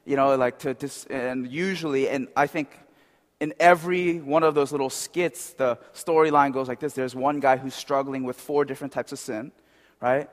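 A man's voice: mid-range voice, steady tone, normal speed, big-room sound. A man preaching a sermon in a conversational way, often checking with the crowd. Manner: conversational, asks the crowd "right?".

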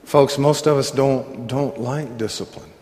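A man preaching a sermon as pastor, talking conversationally with asides and frequent throat clearing. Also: mid-range voice, steady tone, measured pace, a little mellow, big-room sound.

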